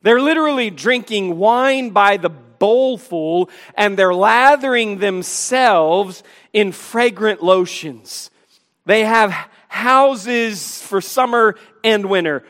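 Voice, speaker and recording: A man's voice: high-pitched, fairly bright tone. A man preaching a sermon, emphatic as he quotes and explains scripture, with a sarcastic edge. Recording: long hall reverb.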